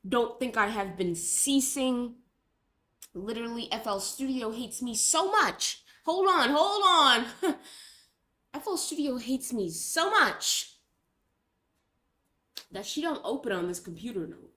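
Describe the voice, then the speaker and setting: A woman's voice: on the high side, lively intonation, measured pace, pauses often, pushed and bright. A young woman talking casually in a rambling, dramatic, self-mocking vlog. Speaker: vlogger.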